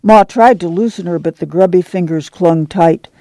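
A man narrating an audiobook in a measured, even storytelling manner. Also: high-pitched, no echo.

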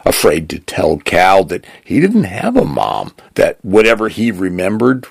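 A man with a gravelly voice reading a story aloud in measured narration. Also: sits low, dry recording. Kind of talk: scripted narration.

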